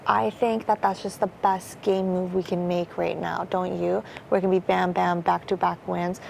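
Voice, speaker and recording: A woman's voice: on the low side, little pitch movement, moderate pace, vocal fry, a little mellow, slight background noise, rough recording. A young woman talking strategy in a casual, rambling way, full of fillers and swearing. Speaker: reality show contestant.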